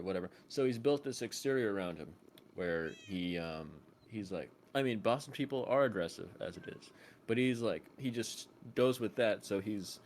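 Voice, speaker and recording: A man's voice: fairly low pitch, a little hiss or hum. A man streamer chatting casually, rambling with lots of fillers. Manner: rambling, filler-heavy, bursts into loud shouts. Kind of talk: casual chat.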